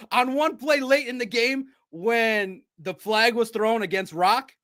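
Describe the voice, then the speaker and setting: A man hosting a live sports recap stream, talking in a rambling, excitable way with frequent laughs. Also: takes it slowly. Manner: animated swings between loud outbursts and low asides. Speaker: sports podcast host.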